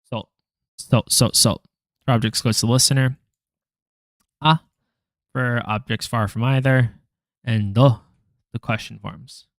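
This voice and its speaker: Man studying aloud, halting and wry. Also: medium pitch, fairly even intonation, dry recording, studio quality. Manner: halting, self-correcting, wry asides. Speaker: language learner vlogger. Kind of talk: thinking-aloud study session.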